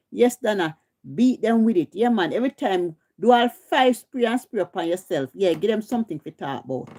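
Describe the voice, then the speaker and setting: A woman's voice: mid-range voice, darkish tone. A middle-aged woman with a Jamaican accent, hosting a livestream and scolding, confrontational and repetitive. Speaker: live stream host. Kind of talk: heated livestream rant.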